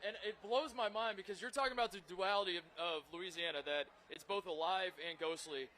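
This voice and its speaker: A man's voice: high voice, fairly quick, slight background noise. A man from the northern United States, co-hosting a casual chat in a bar and telling stories animatedly with frequent laughs. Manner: animated storyteller, laughs often. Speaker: co-host. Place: crowded bar.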